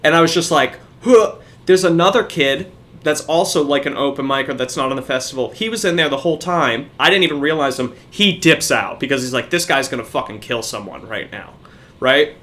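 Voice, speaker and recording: A man's voice: on the high side, brisk, bright, forceful tone. A young man, a podcast co-host, telling a profane story in casual chat.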